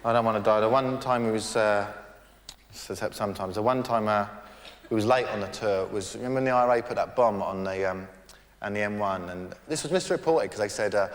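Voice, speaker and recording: A man doing live stand-up on a theatre stage, rambling and self-deprecating with halting restarts. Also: on the low side. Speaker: stand-up comedian. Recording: echoey theatre with crowd. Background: audience laughter.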